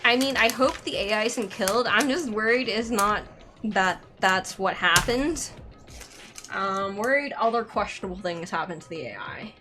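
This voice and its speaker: A woman's voice: medium pitch, lively intonation, normal speed, bright, forceful tone. Rambling, swearing woman gamer. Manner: rambling, scattered, swears freely. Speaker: let's play gamer. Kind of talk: casual gameplay commentary. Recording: game music behind.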